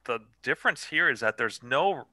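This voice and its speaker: A man's voice: mid-range voice, animated, moderate pace, pushed and bright, no echo, low-quality recording. A man hosting a podcast in casual chat, rambling with lots of fillers and swearing. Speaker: podcast host.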